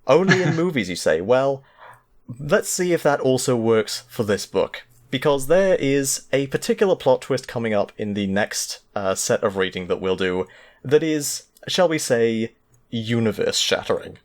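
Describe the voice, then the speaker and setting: A man's voice: medium pitch, very animated, normal speed. A man hosting a podcast, chatting casually, laughing often and steering the conversation. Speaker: podcast host. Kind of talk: casual chat.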